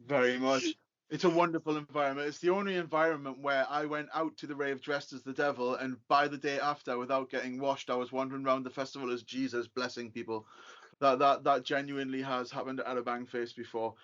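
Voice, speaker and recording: A man's voice: medium pitch, level tone, fairly quick, a bit bright. A man co-hosting a casual podcast chat, telling stories with laughing asides. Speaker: podcast co-host. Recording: dull lo-fi podcast audio.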